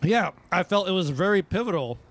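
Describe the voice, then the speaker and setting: Brief: middle-aged man, high-pitched, animated casual storyteller. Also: a little fast. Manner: animated storyteller, repeats himself. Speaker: DJ guest. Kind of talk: casual chat.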